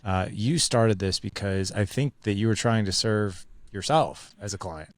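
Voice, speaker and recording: Joking and chatty, this man hosts a podcast interview full of fillers and energetic banter. His unhurried voice is on the low side, with no room sound.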